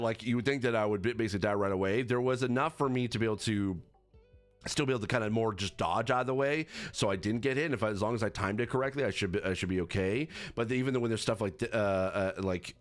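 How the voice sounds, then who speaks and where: A man giving casual game commentary as a reviewer, rambling with many fillers, restarts and self-corrections. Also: on the low side. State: has the hiccups. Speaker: gaming accessibility reviewer.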